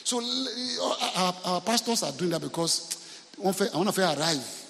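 A Nigerian man preaching to his church, spinning humorous stories and calling out questions to the congregation. His voice sits a little high for a man, and the hall around him rings with a long reverb. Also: animated, normal speed, vocal fry, fairly bright tone, a little hiss or hum. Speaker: pastor. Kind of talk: sermon.

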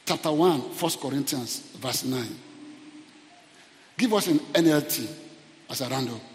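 A man preaching a fervent sermon in a church auditorium, calling out to the congregation and rising to shouted peaks. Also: mid-range voice, a little slow, in a large hall, slight background noise. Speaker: pastor.

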